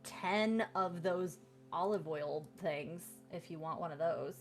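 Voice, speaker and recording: A woman's voice: fairly low pitch, takes it slowly, faint music behind. Easygoing woman player. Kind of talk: casual chat at a live-streamed tabletop game.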